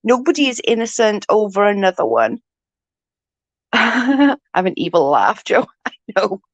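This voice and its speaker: At a measured pace and with a sing-song lilt, a woman in her forties rambles to her livestream viewers from home, laughing often and swearing freely. Her voice is medium in pitch, and the dry lo-fi recording sounds dull.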